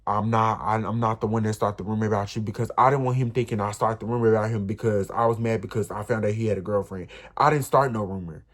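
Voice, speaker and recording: A man's voice: fairly low pitch, fairly even intonation, fast, few pauses. Young man telling an emotional storytime. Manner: emotional, rambling, speaks straight to viewers. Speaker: vlogger. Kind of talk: storytime vlog.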